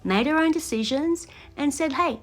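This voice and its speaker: Chatty opinionated woman vlogger, higher voice. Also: lively intonation, brisk, fairly bright tone, soft background music. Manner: chatty and opinionated, laughs often, acts out what she'd say. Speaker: reality TV reaction vlogger. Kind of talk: casual reaction commentary to camera.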